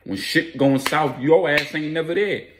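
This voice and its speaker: A man's voice: on the high side, a little slow, noisy background, pitched above the performer's own voice, lightly acted. A man voicing a hostile male gang enforcer who accuses a rival in profane street talk. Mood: accusing.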